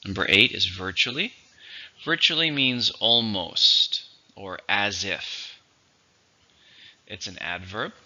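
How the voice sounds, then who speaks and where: A man teaching English vocabulary, going through each word methodically and repeating it slowly for its syllables and stress. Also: on the low side, pushed and bright, muffled recording. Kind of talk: vocabulary lesson.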